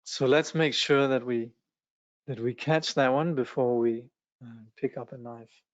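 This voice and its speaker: A male teacher reads from a text and explains it, relaxed and a little hesitant, at a middle pitch. The sound is dull, dry and lo-fi, with no room echo. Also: a little slow. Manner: relaxed, hesitant, with restarts and small laughs. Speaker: Buddhist studies teacher. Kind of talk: lecture, reading and commenting on a text.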